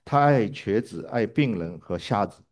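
A man's voice: fairly low pitch, animated, normal speed. A man interpreting a sermon live, hesitating with fillers and restarts.

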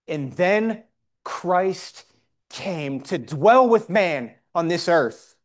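A man preaching a sermon in short measured phrases, pausing for his interpreter. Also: high-pitched, lively intonation.

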